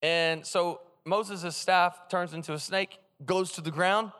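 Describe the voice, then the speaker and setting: A man's voice: high voice, takes it slowly, smooth. A man preaching a sermon, telling humorous stories and calling out to his congregation. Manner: humorous, animated, calls out to the congregation. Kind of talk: sermon with personal storytelling. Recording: long hall reverb.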